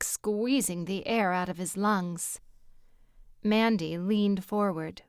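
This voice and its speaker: A woman narrating an audiobook in a measured, even storytelling manner on a close mic. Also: medium pitch, smooth, no echo. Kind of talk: scripted narration.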